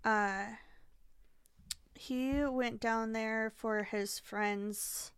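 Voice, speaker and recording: A woman co-hosting a podcast, chatting casually with quick short reactions. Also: a little high, steady tone, clean tone, no echo, studio quality. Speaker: podcast co-host.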